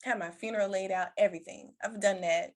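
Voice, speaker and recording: A woman guest on a podcast telling a personal story in conversation, lively, acting out the voices of others and laughing often. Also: quick pace. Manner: animated, acts out quoted voices with big pitch jumps.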